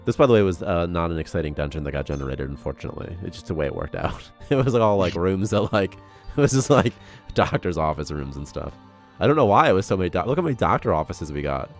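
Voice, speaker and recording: A deep-voiced man chatting loosely through a game development stream, wandering from topic to topic. His sentences ramble and fill up with "like" and small laughs. Soft music runs faintly behind him. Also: animated, fast. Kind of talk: casual live-stream chat.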